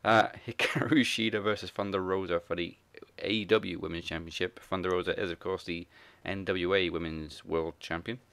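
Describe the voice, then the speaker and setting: Deep voiced guy hosting a wrestling podcast, laughs a lot, dry close sound. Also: steady tone, normal speed, vocal fry, few pauses, fairly bright tone, no room sound. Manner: laughs often, runs the picks list. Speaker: podcast host. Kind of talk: casual wrestling podcast chat.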